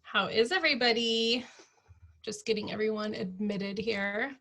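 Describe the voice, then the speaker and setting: Bright-voiced chatty woman hosting a video call. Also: fairly high pitch, steady tone, vocal fry. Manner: chatty and upbeat, with quick asides. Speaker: host of a team training call. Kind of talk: casual online tutorial chat.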